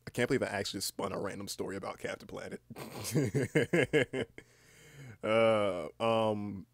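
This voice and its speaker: A young man in a casual livestream chat, freshly awake, with a cracking, gravelly voice. He rambles, restarts and swears easily. His low voice sounds dry and close to the mic. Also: flat delivery, fairly quick, no room sound. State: just woken up, voice cracking.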